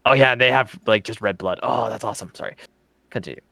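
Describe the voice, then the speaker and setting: A man running a tabletop game as game master, narrating in a relaxed, casual way. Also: lowish voice, fast talker, vocal fry, dry recording. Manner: relaxed, casual, swears offhand.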